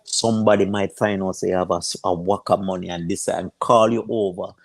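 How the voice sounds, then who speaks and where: A man's voice: deep voice, fairly even intonation, fairly quick, vocal fry, low-quality recording. A man with a Jamaican accent giving blunt advice on a panel and repeating his words. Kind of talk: casual panel chat.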